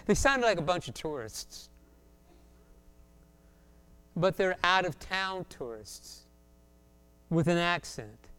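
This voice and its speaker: A man from South Florida preaches a sermon. He tells funny stories and slips into the voices of the people in them. His voice sits a little high and comes through smooth and crisp. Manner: humorous storytelling, acts out voices. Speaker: pastor.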